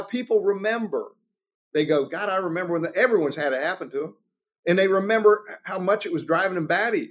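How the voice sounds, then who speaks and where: A man, a trial lawyer, answering at length in a podcast interview, telling stories and acting out the people in them. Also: high voice. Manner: animated storytelling, acts out quoted voices.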